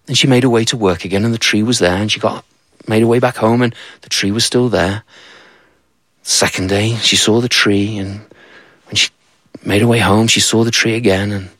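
A man's voice: on the low side, moderate pace, fairly bright tone, no echo. A man telling a folktale aloud, with conversational asides to the listener. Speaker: storyteller. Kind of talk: told folktale.

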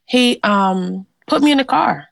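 In a roughly recorded interview with no echo, a woman from Louisiana who works as a genealogist tells a personal story about her family and ancestors. Her voice is medium-pitched and creaky, and she speaks unhurriedly. She comes across as earnest and animated, using fillers as she goes.

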